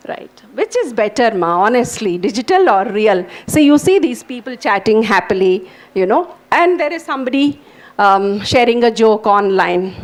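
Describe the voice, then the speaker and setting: Animated woman lecturing students. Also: on the high side. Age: middle-aged. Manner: animated, earnest, addresses students directly. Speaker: English professor giving a talk. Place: lecture hall.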